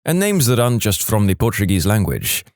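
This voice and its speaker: Low, lively male story narrator. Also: a little fast, no room sound, studio quality. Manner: steady reading voice, reads every post in his own voice. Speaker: narrator reading forum posts. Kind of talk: scripted narration.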